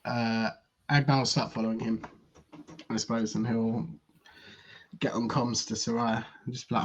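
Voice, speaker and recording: A man's voice: mid-range voice, level tone, moderate pace, pauses often, breathy edge. A man playing a tabletop game, casually describing what his character does in the third person. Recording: dull lo-fi mic.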